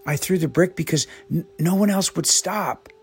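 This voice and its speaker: Guy doing a little boy, high pitched, stammery and pleading, husky edge, soft music under. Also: moderate pace. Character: young boy, frantic and pleading. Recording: soft music bed behind voice.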